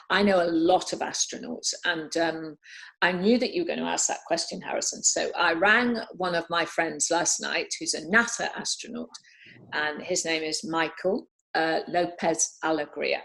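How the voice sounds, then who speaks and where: A woman in her fifties from Britain, chatty and quick to laugh, answering questions in a casual video chat. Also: deep voice, gravelly, fairly bright tone. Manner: chatty, laughs often, many fillers. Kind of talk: casual Q&A over video call.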